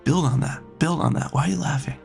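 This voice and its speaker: Comic doing a brash male therapist, gravelly and high, lecturing and sure of himself. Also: fast talker, soft background music. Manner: confident, lecturing. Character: blunt, flaky male therapist giving odd advice.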